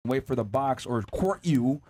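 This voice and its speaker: A man's voice: medium pitch, expressive, measured pace, heavy background noise. A man hosting a podcast panel who spins a hypothetical scenario full of swearing. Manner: profane, storytelling hypotheticals. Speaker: podcast host.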